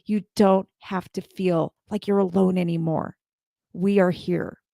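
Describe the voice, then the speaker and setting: A woman's voice: lowish voice, steady tone, unhurried, vocal fry, warm tone, no room sound, clean studio sound. A woman in her forties gives a heartfelt motivational talk to live viewers as a community leader, speaking earnestly and repeating her phrases.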